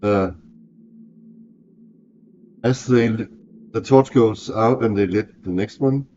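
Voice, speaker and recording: A man with a low, mellow voice thinks aloud through a solo tabletop game, hesitant and self-correcting. He talks slowly, and the recording is dull and lo-fi with a faint hiss.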